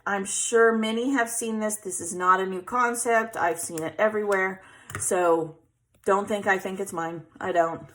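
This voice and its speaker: A woman's voice: mid-range voice, fairly even intonation, normal speed, fairly bright tone. A chatty woman, hosting a casual crafting tutorial and often checking in with "okay?".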